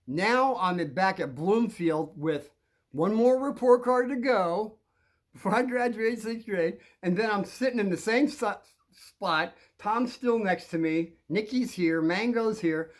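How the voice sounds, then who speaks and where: An older man telling a story in a lively, wandering way. His pitch climbs and dips all over as he gets into it, and he loops back on himself. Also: a little slow. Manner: rambling, animated, frequent restarts and laughs. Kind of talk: casual storytelling.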